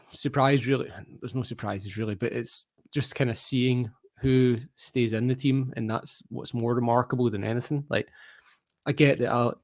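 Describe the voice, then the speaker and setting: Australian male fan panelist, mid-pitched, keen, chatty, dry close mic. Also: darkish tone, no echo. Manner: enthusiastic, rambling, self-correcting. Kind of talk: casual fan podcast chat. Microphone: video call.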